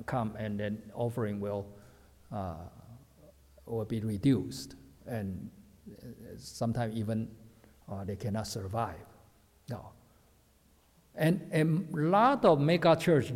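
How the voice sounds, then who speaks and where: A man's voice: mid-range voice, a little mellow. Preacher guy, lots of uh's, asks questions then answers them, big echoey hall. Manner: halting, many fillers, repeats points, rhetorical questions. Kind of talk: sermon. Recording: echoey hall with long reverb.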